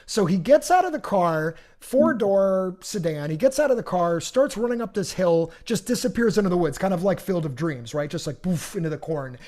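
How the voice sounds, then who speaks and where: A middle-aged man hosting a podcast, telling a long personal story in an animated, rambling way with many restarts. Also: high voice, moderate pace, hardly any pauses. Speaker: podcast host. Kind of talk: casual storytelling.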